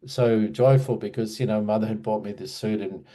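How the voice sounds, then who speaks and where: A man's voice: fairly low pitch, fairly even intonation, normal speed, warm tone. A man casually telling a personal memory in an interview, hesitant, with many restarts and fillers. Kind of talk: casual storytelling.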